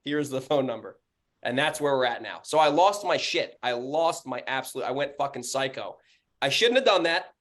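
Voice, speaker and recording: A man with a New York accent gets animated as he retells a fight with a tenant, cursing freely. It is a casual podcast chat between co-hosts, and his delivery is loose and lively. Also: medium pitch, normal speed. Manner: animated, profane, acts out heated phone calls in a raised voice. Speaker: podcast co-host, real estate investor.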